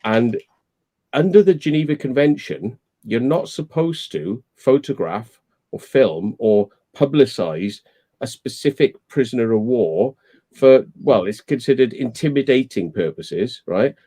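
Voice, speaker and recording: A man's voice: mid-range voice, animated, measured pace, mellow. A man chatting casually on a live stream, ranting and swearing freely as he gives his opinions.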